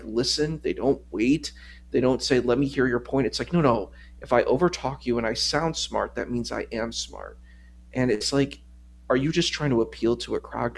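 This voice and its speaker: Gravelly man giving a rambling critique. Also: medium pitch, slight background noise. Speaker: stream co-host guest. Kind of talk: casual discussion.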